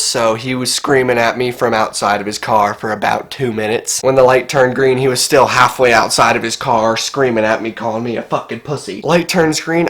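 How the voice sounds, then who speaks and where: A young man telling a story in a casual vlog, animated and full of swearing. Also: medium pitch. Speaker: gaming YouTuber.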